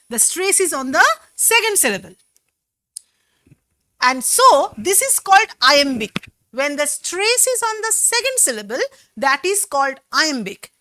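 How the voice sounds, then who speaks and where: A woman's voice: high-pitched, bright, forceful tone, no room sound, clean studio sound. A woman English teacher with a Bengali accent, patiently explaining a poem's meter in a classroom lesson, breaking words into syllables.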